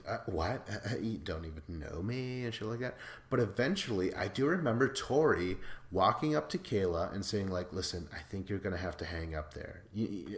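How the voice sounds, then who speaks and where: A man hosting a podcast, casually recapping a reality show episode in a profane, rambling way, acting out quotes in quick put-on voices. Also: fairly low pitch, roomy sound. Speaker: podcast host.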